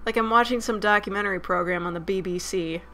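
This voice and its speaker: Young woman streamer, loud, swears a lot, bright sharp voice, expressive. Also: medium pitch, quick pace, faint music behind. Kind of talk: reading a dating sim aloud with live commentary.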